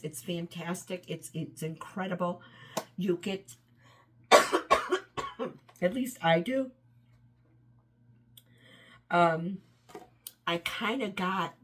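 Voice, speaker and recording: A woman casually reviewing wax scents, rambling and enthusiastic, trailing off often, her voice tired and run down. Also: on the low side. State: voice tiring, run down. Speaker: home fragrance vlogger.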